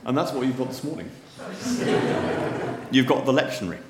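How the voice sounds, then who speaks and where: A man preaching a sermon, telling stories in a measured, wry manner. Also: medium pitch, animated, reverberant, very noisy. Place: church.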